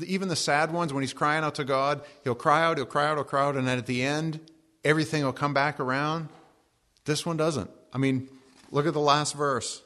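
A man preaching a relaxed sermon as pastor, cracking jokes between slow readings of scripture. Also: a little high. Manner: conversational and joking, reading scripture slowly.

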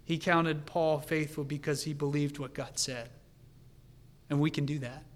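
A man preaching a sermon in an earnest way, dropping to a quiet, confiding tone and then building to a fervent pitch. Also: fairly even intonation, a little slow. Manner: earnest, swings from hushed to fervent.

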